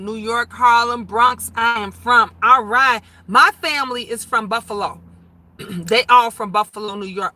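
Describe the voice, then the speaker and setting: Brief: middle-aged woman, loud chatty livestream host, very bright tone, jumps to high squeals. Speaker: livestream host reading viewer comments. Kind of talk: casual live chat.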